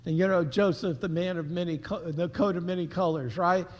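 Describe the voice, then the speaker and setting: A man preaching a sermon as pastor, telling the story in a conversational, animated way with casual slang. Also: high voice, fairly quick, long reverb tail, lo-fi sound. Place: church sanctuary.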